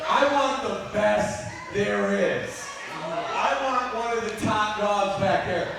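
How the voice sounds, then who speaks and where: A male wrestler yelling insults and demanding a match in the ring. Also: high voice, vocal fry. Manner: insulting, yelling, drawn-out words. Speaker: wrestler cutting an in-ring promo. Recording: echoey arena from far off, loud crowd and noise.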